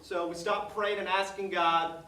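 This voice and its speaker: A male actor with a high-pitched, sharp voice speaks at a measured pace with little pitch movement. In a theater stage monologue, his folksy character reminisces, rambling and repeating himself while telling a story about his dog. The stage sounds echoey and distant.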